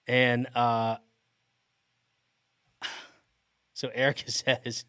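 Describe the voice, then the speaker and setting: A middle-aged man spins a story for his podcast in a relaxed, chatty way, and he keeps breaking into laughter as he talks. His voice sits at an ordinary, mid-range pitch. The recording is close and dry, with no room sound. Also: extremely slow, clear, resonant tone, dry recording. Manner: animated, laughs often mid-sentence. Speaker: podcast host. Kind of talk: casual storytelling.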